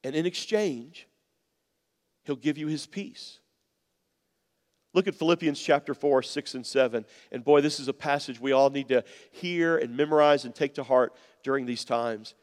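A man preaching a sermon in an earnest manner, dropping to a soft near-whisper on key words. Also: medium pitch, normal speed. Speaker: pastor. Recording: long hall reverb.

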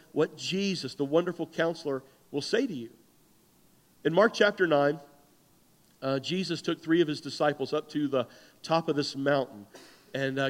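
A pastor delivering a lively sermon, his voice sitting high for a man. The words ring out with a long reverb, as from a large church hall. He preaches in an animated, conversational way.

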